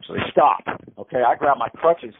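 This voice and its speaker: A man telling a story from prison over the phone in a rambling, animated way, saying "bro" again and again and repeating himself. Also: medium pitch, moderate pace, vocal fry, husky, no echo. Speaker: incarcerated storyteller. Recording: tinny phone line.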